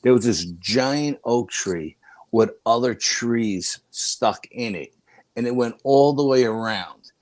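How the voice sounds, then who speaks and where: A man's voice: medium pitch, slow pace, dry recording. An older man, a paranormal investigator and guest, tells a rambling story in a casual way, with many restarts and "you know"s.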